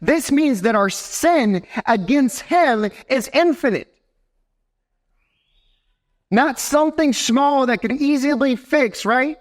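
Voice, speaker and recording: Animated high-voiced male preacher. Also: takes it slowly. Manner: animated preaching, talks straight to the congregation with frequent "right?". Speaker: pastor. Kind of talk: sermon. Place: church sanctuary.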